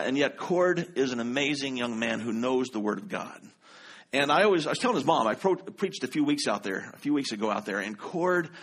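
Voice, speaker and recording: A male pastor giving a conversational sermon, telling animated stories with many fillers and restarts. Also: mid-range voice, breathy edge.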